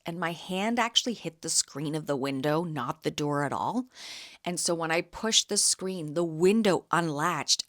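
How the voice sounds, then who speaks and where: A woman in her thirties from Canada, hosting a podcast and telling a chatty story with quick laughs. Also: on the low side, a bit bright. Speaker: podcast host and jam vendor. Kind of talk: casual storytelling.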